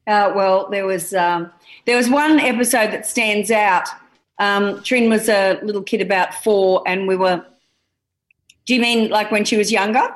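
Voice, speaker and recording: A middle-aged Australian woman recounting a family story as an interview guest. She tells it in a lively, anecdotal way, building up to the punchline with an easy conversational flow. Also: medium pitch, unhurried. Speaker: guest's mother.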